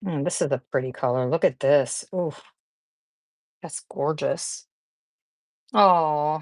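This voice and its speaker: A woman with a low voice hosts a casual live craft chat, speaking slowly with long pauses on a dry recording. She rambles and chats while fiddling with and sorting her supplies, laughing often and greeting viewers by name, as hosts of craft channels do.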